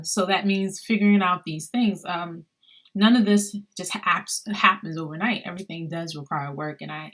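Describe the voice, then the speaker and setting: Woman podcaster, casual solo chat, lower-pitched voice, rambling with fillers. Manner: conversational, many fillers, animated retelling of dialogue. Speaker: podcast host.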